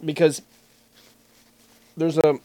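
A man's voice: a little high, little pitch movement, takes it slowly, warm tone, dry recording. A man casually reviewing beer alone, rambling and joking with frequent restarts. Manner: rambling, self-correcting, jokey. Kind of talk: casual solo talk.

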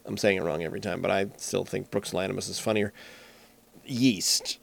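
A man's voice: low-pitched, steady tone, a little fast, creaky. A man casually reviewing beer alone, rambling and joking with frequent restarts. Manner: rambling, self-correcting, jokey. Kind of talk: casual solo talk.

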